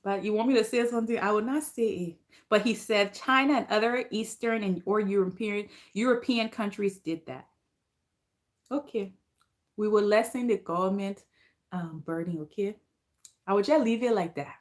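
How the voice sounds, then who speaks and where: A woman's voice: mid-range voice, moderate pace. A woman with a Liberian accent chatting casually on a livestream, reading viewer comments aloud and responding to them. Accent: Liberian English.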